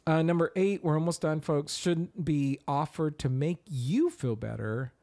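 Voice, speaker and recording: A man's voice: a little high, expressive, a little slow, darkish tone. A middle-aged man co-hosting a casual podcast, walking through a numbered list and explaining each point. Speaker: podcast co-host.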